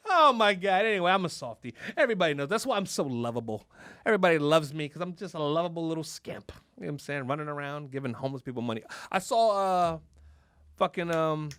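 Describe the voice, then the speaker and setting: A man hosting a podcast, rambling and joking in animated, profane casual chat. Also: a little high, fast talker, dry recording, studio quality. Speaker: podcast host.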